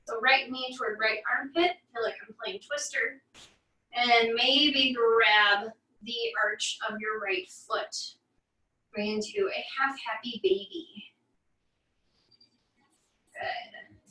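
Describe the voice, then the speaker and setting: A woman leads a floor stretch in an encouraging, easygoing way, dropping wry asides between cues. Her voice sits high and sounds bright. The recording is echoey and heard from a distance off-mic. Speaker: fitness instructor. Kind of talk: guided barre cool-down instruction.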